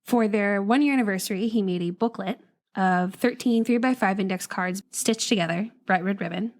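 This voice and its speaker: A woman's voice: mid-range voice, normal speed. An American woman hosting a casual true-crime podcast, reading old love letters aloud with dry asides and short laughs. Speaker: podcast host.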